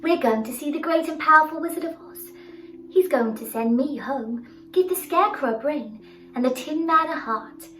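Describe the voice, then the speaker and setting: A kind and cheerful young farm girl, played by a woman, eager and friendly in her storybook adventure. Her high voice rings out in a roomy space, set back from the microphone, with faint music underneath. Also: normal speed, a bit bright, far from the mic, slight background noise.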